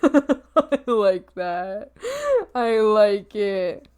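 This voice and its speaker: A woman's voice: mid-range voice, drawn-out words, a little mellow, clear, resonant tone. A woman streamer chatting casually and playfully with her viewers, often squealing and giggling. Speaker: art streamer.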